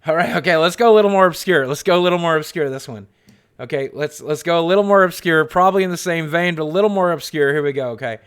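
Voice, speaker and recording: A man hosting a live stream, joking with his chat in a self-mocking way and softly coaxing his dog. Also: on the high side, fast, clean tone. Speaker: livestream host.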